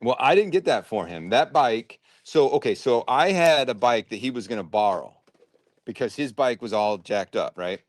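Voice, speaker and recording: A man's voice: mid-range voice, animated, moderate pace, dry recording. A man hosting a livestream, chatting casually and thinking aloud while he sorts and packs orders. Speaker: livestream host sorting and packing toy brick orders. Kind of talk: casual chat while working.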